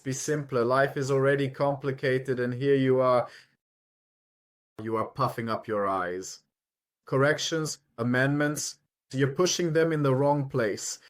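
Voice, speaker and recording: A man's voice: medium pitch, measured pace. Chatty man vlogging from a truck cab. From Ukraine. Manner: rambling, chatty, addresses viewers as friends. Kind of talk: casual chat while driving.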